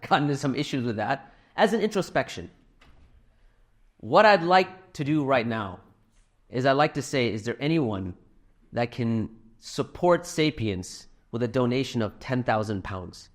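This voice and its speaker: A middle-aged man addresses a live audience in a hall, with a mid-range voice. He speaks conversationally, mixing personal anecdotes and light laughs into a fundraising appeal. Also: mid-range voice. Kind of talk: live religious talk and donation appeal.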